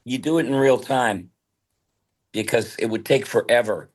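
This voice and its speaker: A man's voice: medium pitch, moderate pace. A man in his seventies, a voice actor, telling candid, rambling stories as a guest in a casual interview. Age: 70s.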